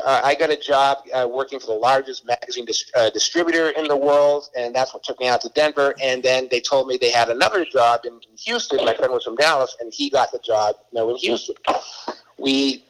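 A man's voice: medium pitch, fairly bright tone, poor audio. Middle-aged guy from boston, chatty author guest, trips over his words a lot, keeps restarting. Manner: rambling, stumbles and repeats words. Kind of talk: casual storytelling interview.

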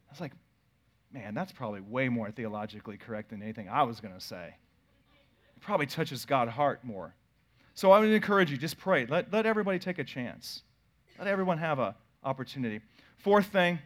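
A pastor in his thirties telling a family story in a sermon, swinging from loud bursts to quiet asides. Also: fairly high pitch.

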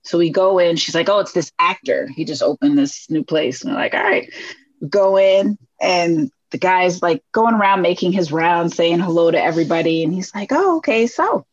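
A woman from Brooklyn chats casually and tells stories with animation, playing out the voices of people she quotes. Her voice is husky. The recording sounds dull and dry, close to the mic. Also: lowish voice, moderate pace, no echo. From Brooklyn, New York. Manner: animated, acts out quoted dialogue with laughs. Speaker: guest. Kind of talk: casual storytelling conversation.

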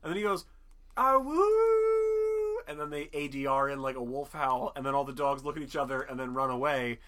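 Bright-voiced man rambling about a movie. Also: medium pitch, little pitch movement, fast talker. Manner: rambling, profane, acts out characters in jokey voices. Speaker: podcast co-host. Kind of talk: casual chat reviewing a movie.

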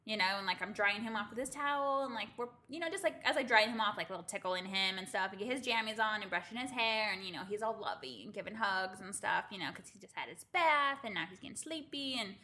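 A woman's voice: medium pitch, quick pace, few pauses. A woman in her thirties, co-hosting a podcast in casual chat and telling stories with lots of laughter. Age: 30s. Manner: animated storytelling, laughing often. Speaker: podcast co-host.

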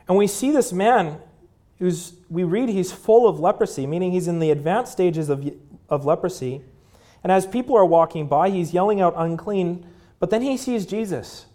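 A man in his thirties preaching a sermon in a conversational way, with fillers, dropping to a hushed voice at tender moments. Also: high-pitched, expressive, normal speed. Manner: drops to a hushed voice at moving moments. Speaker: pastor.

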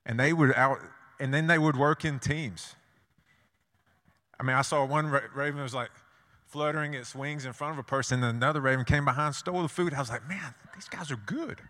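A man's voice: mid-range voice, steady tone, brisk, pushed and bright. A man preaching a sermon, telling stories and driving points home with rhetorical questions and repeated phrases. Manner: storytelling with rhetorical questions and repetition. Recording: long hall reverb.

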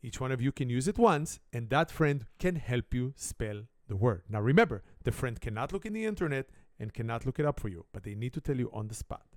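A man's voice: medium pitch, big pitch swings, brisk, few pauses, no room sound, studio quality. A middle-aged man from Israel with an Israeli accent and broken English grammar, a native Hebrew speaker hosting a playful family spelling game and telling a comic story. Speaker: family game show host.

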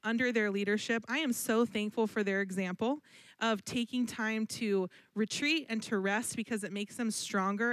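A woman's voice: fairly high pitch, a bit bright, clear, resonant tone, no room sound. A woman from the church leadership giving announcements and an affectionate, earnest introduction of the guest speaker.

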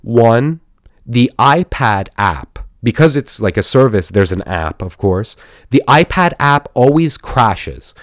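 A man's voice: medium pitch, expressive, slow pace, no echo, studio quality. Rambling, enthusiastic male podcast host. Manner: rambling, enthusiastic, with frequent fillers and restarts. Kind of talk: casual solo podcast monologue.

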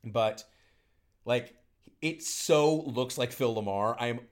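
A man co-hosting a podcast, retelling a movie's plot in casual chat, rambling and animated with frequent restarts. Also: medium pitch, takes it slowly. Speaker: podcast co-host.

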